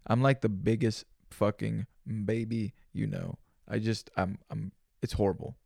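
A young man talks on his own podcast in a relaxed, rambling way, heavy on slang and swearing. His voice has a gravelly edge, and it sits close and dry on the mic. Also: lowish voice, a little slow, no echo. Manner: loose and profane, laid-back slang. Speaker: podcast host. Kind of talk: solo casual storytelling.

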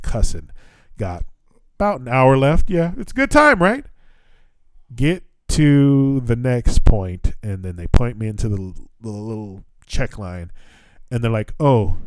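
A podcast host with a mid-range voice tells a story in casual chat, recorded without echo. He swears a lot and animatedly acts out the voices of the people in it.

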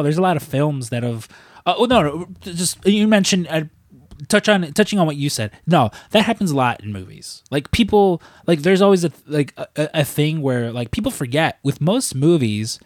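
A young man hosting a podcast, telling stories in a rambling, profane, animated way. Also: fairly high pitch, normal speed, no room sound, clean studio sound. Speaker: podcast host. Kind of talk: casual chat.

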